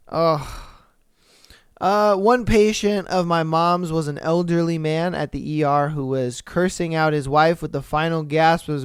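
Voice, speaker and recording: A young man hosting a podcast, reading stories aloud and reacting with swearing and loud outbursts. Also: on the high side, smooth, no room sound, clean studio sound. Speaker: podcast host.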